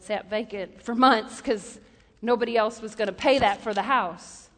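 Woman preacher, high and bright, animated storyteller, long hall echo. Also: normal speed. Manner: lively, repeats questions for emphasis, animated storytelling. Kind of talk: sermon.

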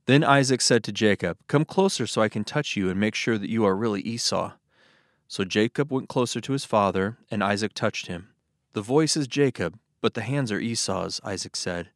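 A man reading Bible passages aloud as scripted narration, with a steady, even storytelling delivery. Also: on the low side, normal speed, dry recording, clean studio sound. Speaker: Bible reader.

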